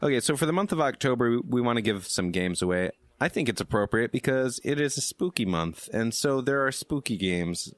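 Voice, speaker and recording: A man's voice: medium pitch, expressive, brisk, few pauses, dry recording. A young man co-hosting a gaming podcast, easygoing and rambling as he runs through the show's segments. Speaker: podcast co-host. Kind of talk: casual podcast chat.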